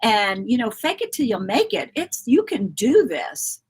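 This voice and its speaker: A woman's voice: a little high, very animated, a little slow, slightly rough. A woman co-hosting a casual live chat about decorating, chatty and encouraging, losing her voice a little.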